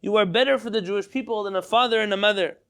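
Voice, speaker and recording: A man's voice: high-pitched, rapid-fire, a bit bright, clear, resonant tone. A man teaching a Torah class, reading Hebrew text aloud, translating it line by line into English and quizzing his students.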